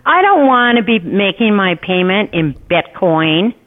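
A woman's voice: medium pitch, very animated, a little slow. A middle-aged woman on a phone call, refusing over and over in an exasperated, insistent way. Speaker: prank call target. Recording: tinny phone line.

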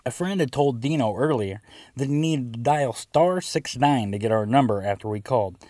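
A man's voice: mid-range voice, moderate pace, dark tone, dry recording, clean studio sound. A man narrating a personal story in a wry, conversational way.

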